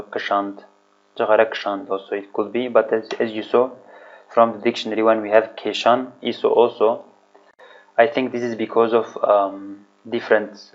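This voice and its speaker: Slow, hesitant man teaching vocabulary. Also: on the low side. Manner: hesitant, searching for words, repeats himself. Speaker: language teacher. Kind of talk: casual vocabulary lesson, thinking aloud. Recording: dull lo-fi recording.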